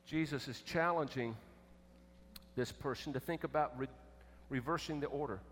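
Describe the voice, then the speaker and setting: A man preaching a sermon, emphatic, swinging between loud and hushed. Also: medium pitch, normal speed, a little hiss or hum. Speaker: pastor. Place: church sanctuary. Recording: echoey church with long reverb.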